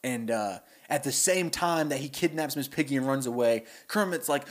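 A young man, a podcast co-host, pitching a story in casual chat and breaking into silly voices for the characters. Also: moderate pace.

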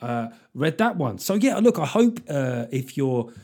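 A middle-aged man hosts his podcast alone at a mid-pitched, ordinary speaking level. He rants and swears freely, and he swings into mock outrage as he reads listener reviews. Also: sing-song, measured pace, warm tone, slightly rough. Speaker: podcast host. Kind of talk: casual comic monologue.

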